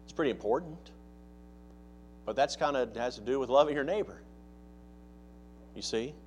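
A pastor preaches a sermon in an expressive, medium-pitched voice at a moderate pace, with a bit of hiss or hum. He talks conversationally, poses many rhetorical questions to the congregation, and gets loud for emphasis before dropping into quiet asides.

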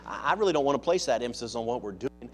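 A man preaching a sermon, talking conversationally and asking the congregation many rhetorical questions, turning loud for emphasis and then dropping to quiet asides. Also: mid-range voice, animated, racing, faint music behind. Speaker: pastor.

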